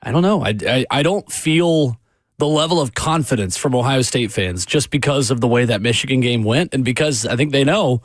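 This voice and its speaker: A man hosting a sports talk radio show in a studio, chatty and energetic, laughing easily with his co-host. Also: medium pitch, normal speed, dry recording. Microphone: studio microphone.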